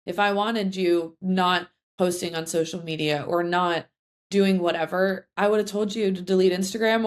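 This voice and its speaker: A young woman, a head coach, telling stories in a casual interview, chatty with many fillers and restarts. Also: medium pitch. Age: young adult. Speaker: head field hockey coach.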